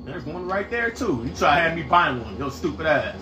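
A man calls out a shooter game on a live stream, cursing at his teammates and jumping into shouts. His voice sits high and swings widely in pitch. The sound bounces around an echoey room. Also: a little fast, lo-fi sound, music in the background. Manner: profane, trash-talking teammates; excitable, bursts into shouting. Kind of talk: live gameplay commentary.

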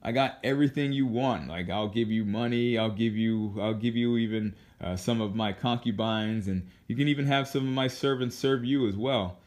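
A man's voice: mid-range voice, moderate pace, few pauses, darkish tone, close to an everyday voice. A man voicing a greedy, demanding king in a spoken story, using casual modern slang. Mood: coaxing. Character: greedy boastful male king.

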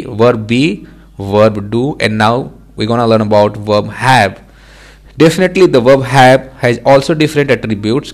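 A man teaching an English grammar lesson, reading example sentences and repeating words slowly with small self-corrections. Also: medium pitch.

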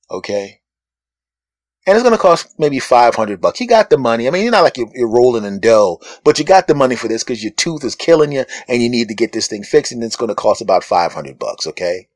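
A man's voice: no echo, clean studio sound. A man hosting a podcast, telling a comic story about being judged and acting out the people in it. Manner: animated, acts out other people in high mocking voices. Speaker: podcast host. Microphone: phone.

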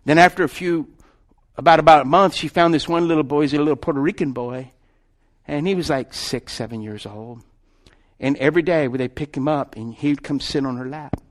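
A male pastor delivering a sermon. His fairly high voice rises into loud, urgent calls, then drops to a hush for storytelling. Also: fairly quick. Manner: emphatic, swinging from loud to hushed.

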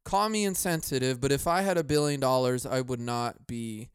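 Profane, rambling young podcast host. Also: male voice, mid-range voice, moderate pace, clean tone, no room sound, studio quality. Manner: profane, rambling, laughs often. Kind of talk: casual ranting podcast monologue.

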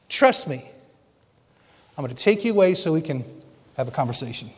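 A man's voice: a little high, very animated, brisk, pauses often, breathy edge, big-room sound. A male pastor from Pennsylvania preaching a conversational sermon full of rhetorical questions.

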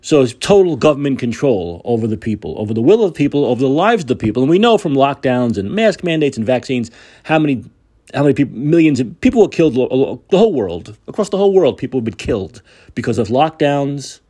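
A man hosting a talk show, ranting in a heated voice with plenty of emphatic repetition. His pitch swings widely, jumping up and dropping low from one phrase to the next. His tone carries a slightly husky edge. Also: big pitch swings, quick pace, warm tone. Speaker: host. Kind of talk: political commentary monologue.

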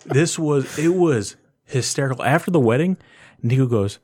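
A man's voice: mid-range voice, lively intonation, moderate pace, darkish tone. A man joining in on a shared story in a casual chat, emphatic and laughing as he retells it. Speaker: friend in the story.

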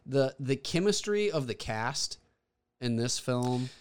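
A man's voice: medium pitch, expressive, slow pace, clear, resonant tone. A young man co-hosting a podcast in casual, enthusiastic chat, rambling with fillers and restarts. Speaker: podcast co-host.

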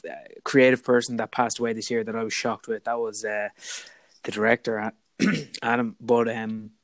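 A man's voice: mid-range voice, flat delivery, normal speed, no room sound, studio quality. A man chatting as a podcast guest, enthusiastic and rambling. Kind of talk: casual podcast chat.

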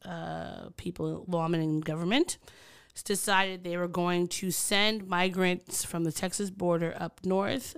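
A woman's voice: fairly low pitch, fairly bright tone, clear, resonant tone, dry recording, studio quality. Chatty, hesitant woman. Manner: chatty, hesitant with many fillers. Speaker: podcast co-host. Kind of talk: casual conversation.

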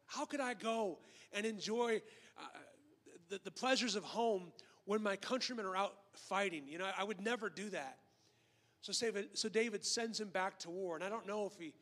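A pastor with a high-pitched voice preaching a sermon as a casual story. He voices the quotes in the story, stumbles and repeats words, and slips in joking asides. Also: a bit bright, in a large hall. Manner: conversational storytelling, acts out the quotes; frequent word repeats and restarts.

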